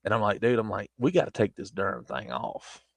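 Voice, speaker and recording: A man's voice: lowish voice, big pitch swings, brisk, creaky, dry recording. Laid-back Southern man telling a story. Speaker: streamer. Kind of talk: casual storytelling.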